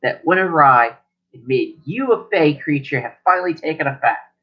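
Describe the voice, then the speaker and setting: A man voicing a boastful, forgetful old male wizard grandfather in a high, drawn-out voice. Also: animated, husky, dull audio.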